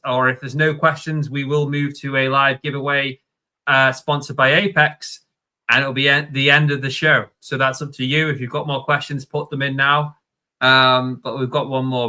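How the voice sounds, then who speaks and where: A man's voice: medium pitch, level tone, moderate pace, pushed and bright. A man hosting a live stream, chatting and reading out viewer questions. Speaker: host.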